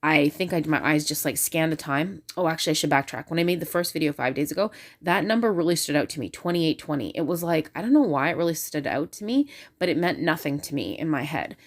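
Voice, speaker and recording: A woman talking excitedly and casually into her phone, full of fillers and restarts. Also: low voice, quick pace. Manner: excitable and talkative, many fillers. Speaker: religious video creator. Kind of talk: casual talk to camera.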